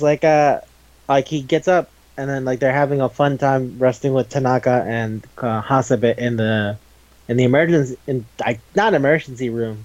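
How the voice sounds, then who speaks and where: A man's voice: mid-range voice, darkish tone, no room sound, highs cut off. A man hosting a podcast, recapping a story in a loose, rambling way with lots of fillers, frequent laughs and casual swearing. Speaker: podcast host.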